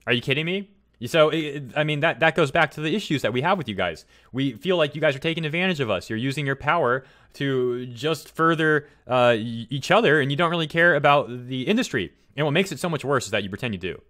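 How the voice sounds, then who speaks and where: A man's voice: a little high, brisk, sharp tone. A man hosting a commentary vlog, ranting heatedly and repeating his points for emphasis. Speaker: commentary channel host.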